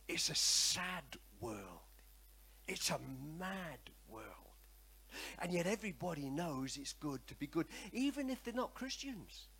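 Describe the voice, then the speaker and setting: A man preaches a sermon, telling a personal story and calling on the congregation to repeat after him. He is animated and repetitive, with a high-pitched, slightly rough voice.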